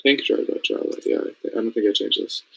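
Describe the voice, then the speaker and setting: A man's voice: lowish voice, quick pace, vocal fry, a bit bright, rough recording. A young man from Canada teaching a casual coding lesson, thinking aloud and often checking that his listeners follow. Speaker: robotics programming mentor. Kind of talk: screen-share coding lesson.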